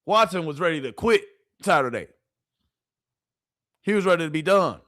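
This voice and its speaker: A woman streamer giving casual, animated sports commentary, full of rhetorical questions and slang. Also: sits low, moderate pace.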